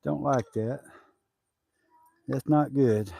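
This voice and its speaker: Homesteader guy, playful teasing, talks to viewers, mid-pitched, dry close recording. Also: takes it slowly, gravelly, mellow, breathy edge, no room sound. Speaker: homesteading vlogger. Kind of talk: casual live chat.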